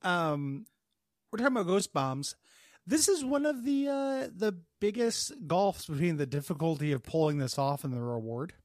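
A man's voice: fairly high pitch, very animated, moderate pace, no echo, studio quality. A man co-hosting a podcast in a goofy, laid-back casual chat, rambling with fillers. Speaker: podcast co-host.

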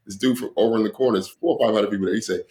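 A man's voice: fairly low pitch, rapid-fire. A man, a comedian, telling stories from his career in an interview, acting out the dialogue and laughing. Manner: animated storyteller who acts out dialogue and laughs. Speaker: comedian guest. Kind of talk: storytelling in an interview.

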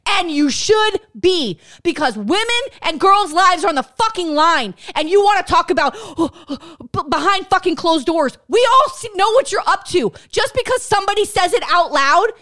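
A woman co-hosting a podcast, ranting furiously with heavy profanity and shouting at times. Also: very high voice, lively intonation, normal speed, few pauses. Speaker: podcast co-host. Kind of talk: heated political rant.

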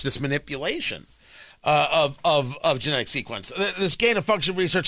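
A man's voice: on the high side, big pitch swings, moderate pace, sharp tone, dry recording, clean studio sound. A man hosting a political talk radio show, delivering a sarcastic, opinionated monologue full of rhetorical questions.

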